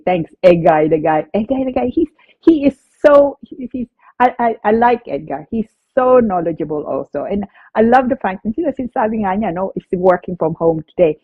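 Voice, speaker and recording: Congested woman co-host, chatty and hesitant, lower voice, dry tinny call audio. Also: husky, dry recording. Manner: chatty, frequent tag questions and hesitations. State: stuffy nose from a cold. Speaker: immigration lawyer co-hosting a live show. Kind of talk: casual live chat reading viewer messages. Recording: dry, tinny phone-like line.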